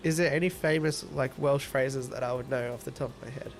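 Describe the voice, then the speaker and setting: A man's voice: medium pitch, fairly even intonation, a little fast, few pauses, soft background music. An Australian man hosting a casual livestream, reading viewer comments aloud and teasing them playfully. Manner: playful, teasing, laughs often. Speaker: livestream host.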